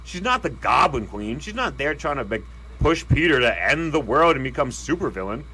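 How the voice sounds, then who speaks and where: A man delivering ranking commentary in an animated, exasperated ranting manner. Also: medium pitch, normal speed, slightly rough. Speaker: video commentator.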